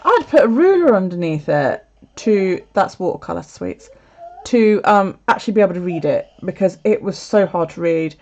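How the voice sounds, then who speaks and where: A woman's voice: on the low side, animated, moderate pace, mellow. Chatty, swearing woman vlogger. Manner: chatty, swears freely, lots of laughter. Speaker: video creator. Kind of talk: casual live chat to viewers. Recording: dull lo-fi sound.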